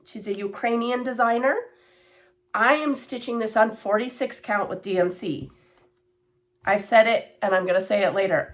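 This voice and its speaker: A woman's voice: mid-range voice, a bit bright. A woman in her thirties chatting casually in a cross-stitch vlog, rambling with asides and fillers. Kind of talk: casual chat.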